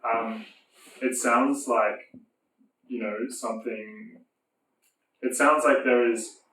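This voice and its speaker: A man's voice: medium pitch, fairly even intonation, slow, bright, forceful tone. A man hosting an interview, hesitant and full of fillers. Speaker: host. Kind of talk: casual interview questions. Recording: very echoey room, distant mic, faint ambience.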